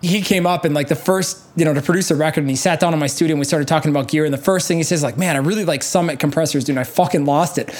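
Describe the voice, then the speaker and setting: A man's voice: fairly high pitch, rapid-fire, few pauses. A man telling a long story in casual chat, sarcastic and profane, with lots of swearing and goofy humor.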